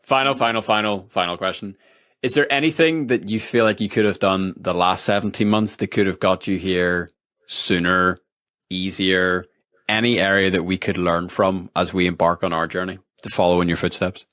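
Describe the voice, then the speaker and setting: Low-voiced man hosting a dry interview. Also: steady tone, moderate pace, a bit bright, no echo. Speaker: podcast host interviewer. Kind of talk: casual interview.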